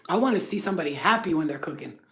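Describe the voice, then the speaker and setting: A woman's voice: on the low side, expressive, racing, a bit bright, a little hiss or hum. A woman of Albanian background hosting a spiritual healing channel, talking to camera in a blunt, profane, rambling way with many fillers. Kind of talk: casual unscripted rant to camera.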